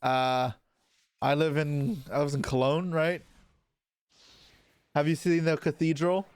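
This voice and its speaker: A man's voice: a little high, level tone, slow pace, clean tone, no echo. A young man chatting casually on a live stream, answering his chat aloud while opening card packs, with offhand swearing. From Canada.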